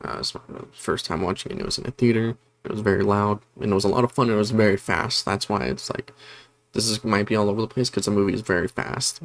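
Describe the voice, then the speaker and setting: Gravelly low-voiced man rambling through a review. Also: fairly even intonation, fast. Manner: rambling, filler-heavy plot retelling; self-correcting, apologetic about disorganization. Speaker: horror movie reviewer. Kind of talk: casual spoken film review.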